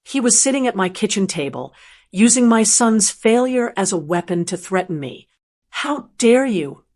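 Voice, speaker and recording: A woman's voice: mid-range voice, animated, moderate pace, a little mellow. A woman narrating a first-person story in a tense, dramatic manner.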